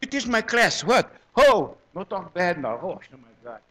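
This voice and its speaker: A man in his seventies with a Hawaiian Pidgin English accent, giving a lively, joking talk to a gathering and repeating words in quick bursts. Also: high-pitched. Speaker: presenter at a community gathering.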